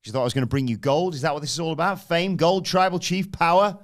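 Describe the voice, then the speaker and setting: A man acting out a fired-up male wrestler who confronts and challenges a rival in a punchy, forceful way. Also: on the high side, fairly even intonation, fast talker, voice pushed up, natural voice. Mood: defiant. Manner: confrontational, punchy, rising to a shout.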